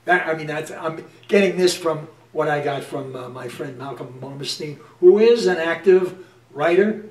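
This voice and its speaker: A man's voice: fairly high pitch, moderate pace, a little mellow, reverberant, far from the mic. A man hosting an interview, recounting stories with frequent hesitations. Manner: hesitant, many "uh" fillers. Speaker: host. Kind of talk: casual interview chat.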